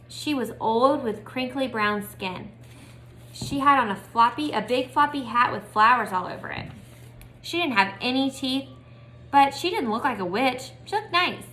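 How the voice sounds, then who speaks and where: A woman's voice: high voice, animated, normal speed, sharp tone, slight background noise. A woman casually reading a children's book aloud with friendly, chatty asides. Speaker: storybook reader. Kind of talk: casual read-aloud storytelling.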